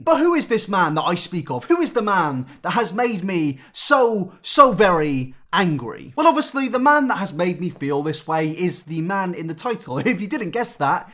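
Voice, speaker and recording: Sarcastic young man, lively pitch. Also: moderate pace, hardly any pauses. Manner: mock-angry, sarcastic, jumps between loud and hushed asides. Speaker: YouTuber. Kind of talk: satirical comedy rant.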